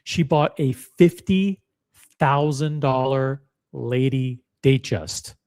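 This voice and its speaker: A man's voice: medium pitch, takes it slowly, a little mellow. A man hosting a live stream, reading a forum post aloud and commenting on it bluntly, with profanity and repeated words. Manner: blunt and profane, repeats himself, talks straight to chat.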